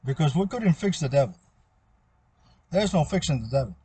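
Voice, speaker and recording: A man's voice: a little high, animated, normal speed, mellow, slightly rough, no room sound. A man talking in a rambling, repetitive monologue that often trails off.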